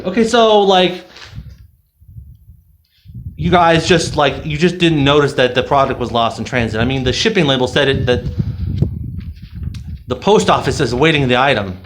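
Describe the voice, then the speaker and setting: A man's voice: medium pitch, big pitch swings, moderate pace, long pauses, slight background noise. A man reviewing a product in a casual, rambling, sarcastic rant full of fillers. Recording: roomy echo.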